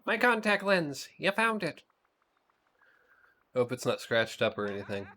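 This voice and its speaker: A fretful one-eyed monster fellow, as a man reads him aloud, pitched well up and jumpy. He stammers when flustered and sounds nervous about everything. The lines come across as game dialogue read out in a put-on voice. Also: sharp tone, heavily acted.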